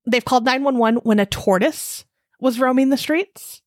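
Wry woman co-host, fairly high voice. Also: normal speed, no echo, clean studio sound. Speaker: podcast co-host. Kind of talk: casual chat. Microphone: desk mic.

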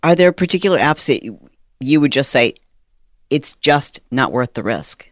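A woman's voice: extremely low pitch, very animated, no echo, clean studio sound. Curious woman hosting a podcast. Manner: curious, reacts with quick exclamations. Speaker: podcast host. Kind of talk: interview and ad read.

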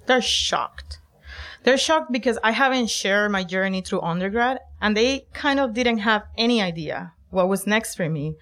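A middle-aged woman from Puerto Rico telling a personal story, lively and emphatic, acting out quoted lines. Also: medium pitch, moderate pace. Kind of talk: personal story told to an audience.

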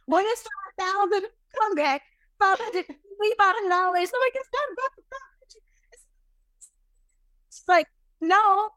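A woman guest on a podcast, telling her business lessons in an animated, emphatic, self-deprecating way. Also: sits high, dry recording, studio quality. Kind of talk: casual interview storytelling.

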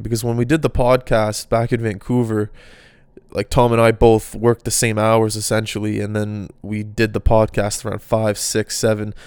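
A man's voice: medium pitch, a little mellow, clear, resonant tone, dry recording, clean studio sound. A man hosting a casual solo podcast, rambling through off-the-cuff thoughts. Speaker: podcast host.

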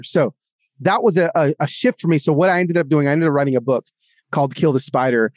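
A man's voice: fairly high pitch, fast, no echo, studio quality. A man on a podcast as guest author, telling stories in casual talk and acting out the people he quotes. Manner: animated, acts out quoted voices. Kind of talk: casual podcast conversation, storytelling.

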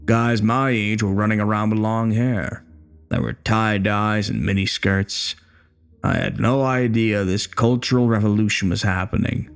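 A bitter old war veteran, acted by a man, in a horror story, with a low, gravelly voice. He talks coarse and profane, taunting and menacing by turns. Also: steady tone, a little slow, soft background music.

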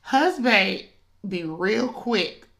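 Slow-talking, laughing woman podcaster. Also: mid-range voice, creaky. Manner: animated, laughs often, colloquial. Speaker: podcast host. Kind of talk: casual devotional podcast talk.

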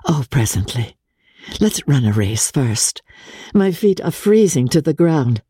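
A woman's voice: low-pitched, very animated, unhurried, mellow, slightly rough, dry recording, studio quality, full character voice. A woman voicing an elegant, wistful young countess who talks in a lightly teasing, petulant way. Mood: playful.

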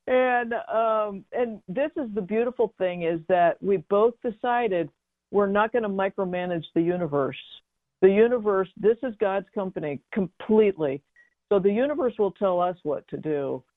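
A woman's voice: mid-range voice, animated, normal speed, no room sound. A middle-aged woman tells her own story as a guest, rambling along with fillers and restarts. Her voice comes through a narrow, tinny line, dry with no room sound. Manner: chatty, with many fillers and restarts. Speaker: guest, baking mix business founder. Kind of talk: telling a personal story in an interview.

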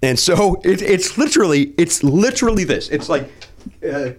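A man's voice: high voice, moderate pace, a little hiss or hum. A man telling a long anecdote in casual chat, acting out what people said with many restarts. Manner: animated, acts out quotes, restarts often. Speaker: storyteller guest.

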